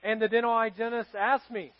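A man's voice: extremely high pitch, little pitch movement, fairly quick, dry recording, dull audio. A man preaching a sermon to his congregation as pastor, telling stories in a conversational way and asking the audience questions. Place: church service with live congregation.

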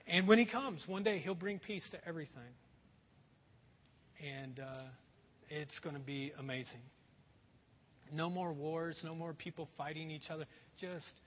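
A man preaches a sermon to his church, his voice high and a little husky. He slips into playful put-on voices to make his points. The sound is muffled and rings with the long echo of a large hall. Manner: animated, acts out voices for laughs. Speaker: pastor. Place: church sanctuary. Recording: echoey hall, dull sound.

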